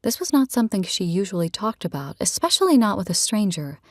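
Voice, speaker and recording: A woman narrating a romance novel in a measured, steady storytelling voice. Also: medium pitch, no echo, studio quality. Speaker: audiobook narrator. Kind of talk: scripted narration.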